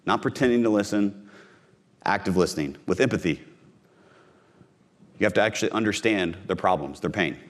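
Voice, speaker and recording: Punchy man giving a sales speech, low voice. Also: normal speed, pauses often. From Missouri, USA. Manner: punchy, repeats key phrases, addresses audience directly. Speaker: podcast host giving a sales talk. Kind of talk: live conference speech.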